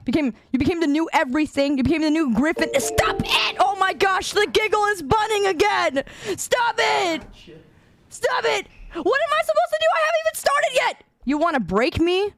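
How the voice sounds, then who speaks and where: A woman's voice: very high-pitched, animated, moderate pace, a bit bright, slight background noise. A young adult woman streaming a game, reacting with exasperated, dramatic pleading and outbursts. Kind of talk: reactive livestream gaming chat.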